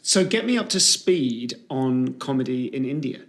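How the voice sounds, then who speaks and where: A man's voice: medium pitch, lively intonation, moderate pace. A man hosting a podcast, asking curious, prompting questions of his guest. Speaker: podcast host. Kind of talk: interviewing.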